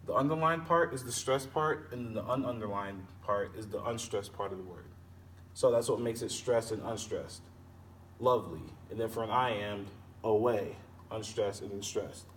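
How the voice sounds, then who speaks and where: A man's voice: on the low side, moderate pace, fairly bright tone. Man, lesson explainer, sounds out and repeats words; mic set back, faint hiss. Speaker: teacher. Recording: distant mic with faint background noise.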